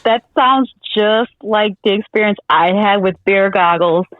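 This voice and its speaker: A woman's voice: mid-range voice, a little slow, no echo, phone-quality sound. A woman guest in a casual podcast chat, sarcastic and swearing freely.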